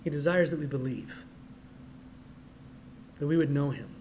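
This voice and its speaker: A man preaching a sermon, his voice pitched high. He moves between soft, conversational asides and loud, emphatic proclamations. A faint background noise sits under the recording. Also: normal speed. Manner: shifts from quiet asides to loud emphatic declarations. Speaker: pastor.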